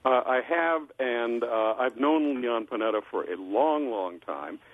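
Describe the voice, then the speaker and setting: An older male political columnist on a phone line, talking in a measured way with many filler uhs and restarts. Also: mid-range voice, expressive. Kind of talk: phone-in interview commentary. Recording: phone line, husky tinny sound.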